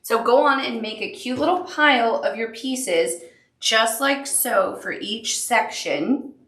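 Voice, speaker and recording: A woman's voice: fairly high pitch, slow, fairly bright tone, roomy sound. A woman teaching a sewing machine appliqué tutorial, upbeat and encouraging as she talks the viewer through each step. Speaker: quilting instructor.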